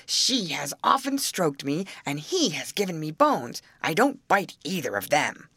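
A woman voicing a hoarse old male yard dog who grumbles on like a wise old-timer in a storybook, with a low, barking voice. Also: sing-song, unhurried, pushed and bright, dry recording, studio quality, heavily acted. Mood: gruff.

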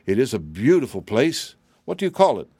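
A man's voice: mid-range voice, very animated, a little fast, warm tone, husky, no echo. Courteous old wizard, careful explainer, storybook voice, read by a man, dry sound. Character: polite, careful old male wizard traveler. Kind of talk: audiobook character reading.

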